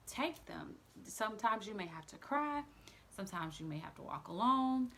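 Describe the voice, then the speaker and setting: A woman's voice: mid-range voice, sing-song, normal speed, a bit bright. Earnest woman giving a chatty faith testimony. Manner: earnest and chatty, full of "like" fillers. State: close to tears at times. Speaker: vlogger sharing faith testimony. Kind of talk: casual spoken testimony.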